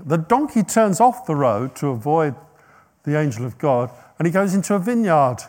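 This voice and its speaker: Male preacher, lively dramatic storyteller, high voice, makes asides. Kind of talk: sermon storytelling.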